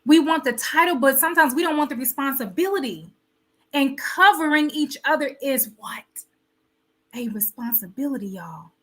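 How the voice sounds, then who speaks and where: A woman with a high, bright voice hosts a live motivational talk. She preaches to her audience, firing off rhetorical questions and repeating her points for emphasis. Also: expressive, moderate pace. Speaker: host of a wellness show.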